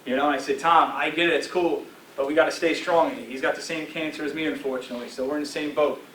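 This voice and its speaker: Addressing a football team in their meeting room, a man in his forties delivers a fast, motivational guest talk, often checking in with "all right?". His voice is a little high, steady, and fairly bright, captured by a distant mic with roomy echo and slight ambient noise.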